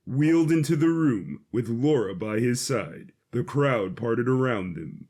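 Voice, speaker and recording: A man narrating his own audio drama in an expressive, animated way. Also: mid-range voice, a little slow, hardly any pauses. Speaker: writer and narrator.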